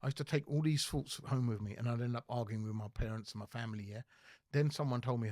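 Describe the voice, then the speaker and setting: A middle-aged British man with a Punjabi-tinged accent, telling animated stories in a casual podcast chat and slipping between English and Punjabi. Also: mid-range voice, quick pace, no echo, studio quality. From United Kingdom. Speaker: immigration solicitor and TV guest.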